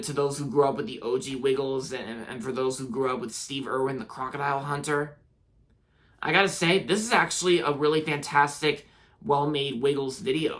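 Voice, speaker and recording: A man's voice: mid-range voice, fairly bright tone. Rambling young man reviewing a video. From United States. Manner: rambling, many restarts and filler words. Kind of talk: casual spoken review.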